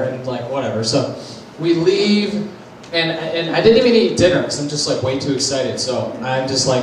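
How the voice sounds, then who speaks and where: A young man tells an animated story to a group, laughing along as he goes. His voice is a touch high for a man. He sounds distant from the mic in an echoey room, with noise behind him. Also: fairly quick, few pauses. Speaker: youth leader.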